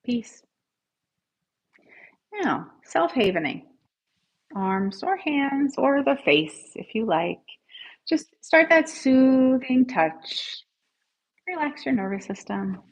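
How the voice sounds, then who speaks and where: A woman with a mid-range, husky voice and vocal fry hosts a livestreamed guided tapping session, recorded with dull audio. As a tapping coach, she encourages viewers, calls out their scores, and leads affirmations for listeners to repeat after her.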